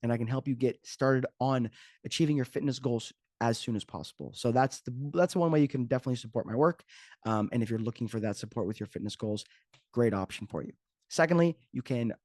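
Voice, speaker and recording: A man's voice: medium pitch, darkish tone, no echo, studio quality. A man hosting his own podcast as a fitness coach, talking casually and joking off the cuff. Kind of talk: casual solo podcast talk.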